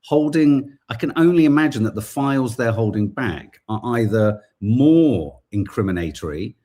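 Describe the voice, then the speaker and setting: A man's voice: medium pitch, lively intonation, moderate pace, warm tone. A man hosting a podcast, giving impassioned, indignant political commentary and swearing now and then. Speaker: podcast host.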